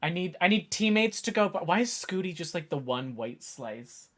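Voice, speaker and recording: A man's voice: sits high, moderate pace. A man in his twenties, a streamer chatting casually and jokingly with his viewers. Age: 20s. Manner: animated, jokey, talks to chat while typing. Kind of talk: casual live-stream chat.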